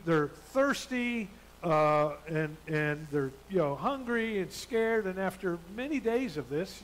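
High-voiced man preaching a sermon. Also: low-quality recording. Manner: conversational, with many fillers and restarts. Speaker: pastor. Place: church.

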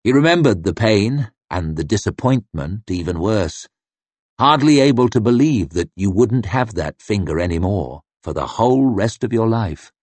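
A man reading an audiobook narration with expressive, varied delivery. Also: fairly low pitch, moderate pace, no room sound. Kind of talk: scripted fantasy narration.

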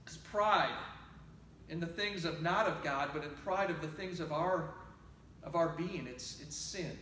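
A man preaches in a high, light voice, moving from loud exhortation to quiet, close asides. His sermon sounds conversational. It is picked up from a distance in an echoing church with faint room noise behind. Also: a little slow. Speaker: pastor. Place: church sanctuary.

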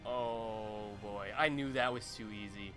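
A young man hosting a let's-play, commenting as he goes. He mutters nervously, then bursts into loud exclaims and yelps. Game music plays clearly behind his voice. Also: on the low side, a little slow. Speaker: gaming channel host.

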